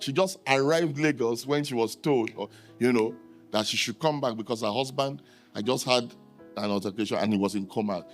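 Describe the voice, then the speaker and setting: Middle-aged male pastor from Nigeria, sermon storyteller, mid voice, soft music underneath. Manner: animated, acts out dialogue with sharp rises in pitch.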